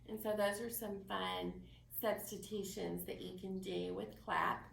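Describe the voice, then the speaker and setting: A woman leading a library storytime for toddlers, reading a picture book aloud and then leading action rhymes in a slow, sing-song, clearly enunciated way. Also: mid-range voice, steady tone, fairly bright tone, reverberant, far from the mic. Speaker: children's librarian.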